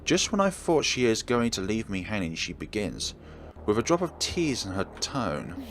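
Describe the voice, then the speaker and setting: A man reading a horror visual novel aloud, narrating in an expressive, dramatic first-person voice. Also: lowish voice, normal speed, background noise. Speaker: let's play host and reader.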